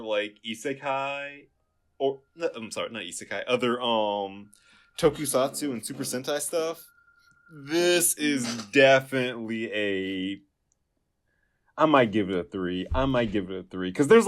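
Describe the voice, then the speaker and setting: A man co-hosting a podcast in casual chat, excitable and rambling with lots of filler words. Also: medium pitch. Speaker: podcast co-host.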